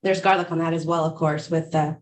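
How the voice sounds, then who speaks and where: A woman's voice: sits low, steady tone, fairly quick, a little hiss or hum. A woman casually chatting about how she cooked a meal, listing ingredients loosely. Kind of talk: casual chat about cooking.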